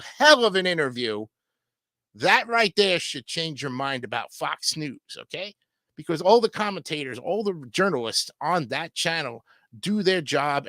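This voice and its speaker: A man's voice: on the high side, pushed and bright, no room sound, studio quality. A man hosting a livestream show, delivering combative, crude political commentary and repeatedly asking his audience "okay?".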